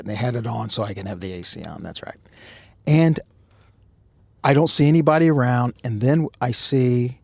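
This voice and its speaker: A man's voice: mid-range voice, a little fast, creaky, a little mellow, no echo. A man and former undercover cop on a podcast, telling a rambling, self-mocking story with quoted dialogue. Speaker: podcast co-host, former undercover police officer. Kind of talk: casual storytelling.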